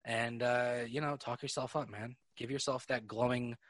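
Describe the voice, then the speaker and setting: A man hosting a podcast in casual chat, excitable and rambling, swearing freely. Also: mid-range voice, normal speed, no echo, studio quality. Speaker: podcast host.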